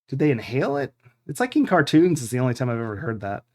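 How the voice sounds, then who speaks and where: A man's voice: mid-range voice, very animated, fast talker, darkish tone. Man rambling over a game playthrough. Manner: thinking aloud, rambling with fillers. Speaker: streamer. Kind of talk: live game playthrough commentary.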